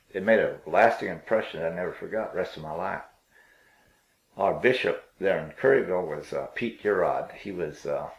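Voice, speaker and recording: An older man telling his life story in a rambling, halting way, with many fillers and restarts. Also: deep voice, reverberant, highs cut off. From Pennsylvania.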